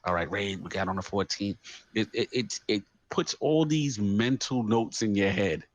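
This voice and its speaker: A man co-hosting a casual gaming podcast with a low voice and an enthusiastic, rhythmic delivery built on repeated punchy phrases. The sound is dull and lo-fi, and the mic is very dry and close. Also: moderate pace, no room sound. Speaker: podcast co-host. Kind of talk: casual chat.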